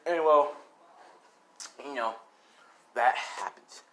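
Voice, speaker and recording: A man's voice: mid-range voice, slow, pushed and bright. A young man casually improvising a fan story, rambling with lots of fillers. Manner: rambling, full of "you know" fillers.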